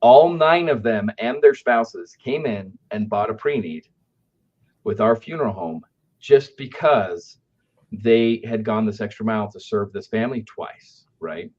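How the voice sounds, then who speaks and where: Speaking a little slowly with a darkish tone, this low-voiced man from an aftercare company shares business anecdotes in a conversational way. He keeps asking "right?" as he goes. The recording is dull and lo-fi.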